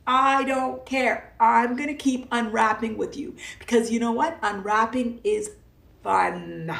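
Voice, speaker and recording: Woman, self-help coach, playful, emphatic, repetitive, somewhat high voice, roomy echo. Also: unhurried, gravelly, fairly bright tone. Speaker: live-stream host and self-help coach. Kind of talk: casual motivational talk to a live audience. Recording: roomy echo, voice from a distance from the mic.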